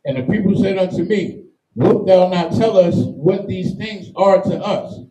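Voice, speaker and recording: A man reading old scripture verses aloud, slow and halting, now and then stumbling over the words. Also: high voice, warm tone. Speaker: scripture reader. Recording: distant, echoey, dull lo-fi.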